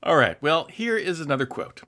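Bright, lively woman co-host. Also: low voice, normal speed. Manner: lively, teasing, laughs while reading. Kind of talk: hosting a quiz segment.

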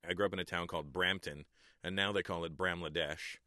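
A man's voice: deep voice, fairly even intonation, fast talker, pushed and bright, no room sound, studio quality. A Canadian man in his forties, a comedian guest in a radio interview, talking in a laid-back, candid and blunt way.

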